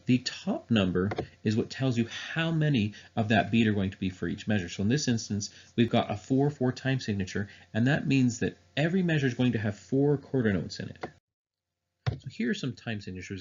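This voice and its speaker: A man's voice: medium pitch, animated, fairly quick, dull audio, background noise. A man teaching music theory in a recorded online lesson, explaining step by step with frequent "uh" and "um" fillers.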